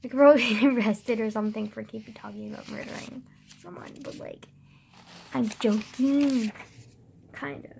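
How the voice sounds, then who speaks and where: Brief: teenage girl vlogger, high-pitched, fed up, swears a lot and sighs, light background hiss. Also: fairly even intonation, normal speed, creaky, a little mellow. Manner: exasperated, heavy swearing, frequent sighs and whispered asides. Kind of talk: casual venting to camera.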